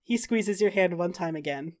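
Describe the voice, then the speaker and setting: A woman's voice: on the low side, normal speed. A woman running a tabletop game as game master, narrating with wry, dry asides and casual swearing.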